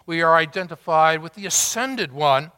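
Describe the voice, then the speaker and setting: A man preaching a sermon, slow and emphatic, drawing out key words with long pauses. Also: fairly high pitch, expressive, sharp tone, smooth. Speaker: pastor.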